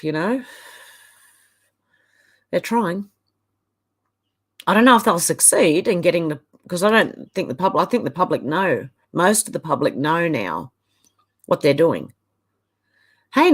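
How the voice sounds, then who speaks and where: A middle-aged Australian woman hosting a casual live stream, chatting loosely and reacting with exasperated asides while reading viewer comments aloud. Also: lowish voice.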